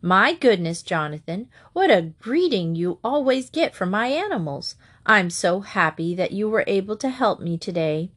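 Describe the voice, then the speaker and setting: A woman's voice: mid-range voice, sing-song, moderate pace, few pauses, fairly bright tone. Cheerful, reassuring old lady from a storybook, voiced by a woman reading aloud. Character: kind elderly woman who helps children.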